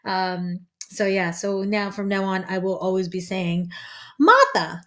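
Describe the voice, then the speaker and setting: A woman's voice: medium pitch, flat delivery, measured pace. A woman, a psychic medium, hosting a casual livestream in a chatty, rambling way and greeting viewers by name.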